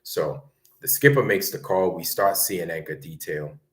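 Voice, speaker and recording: A man, telling a long story in a rambling, conversational way and often tagging his sentences with a quick question. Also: sits low. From Brooklyn, New York. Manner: rambling, conversational, keeps asking "right?". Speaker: guest recounting military service. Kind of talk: casual storytelling.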